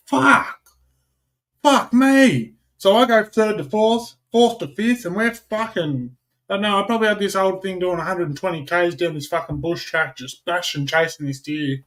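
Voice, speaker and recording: Man, Australian accent, casual chat, profane, lively yarn, raised pitch. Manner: profane, animated storytelling.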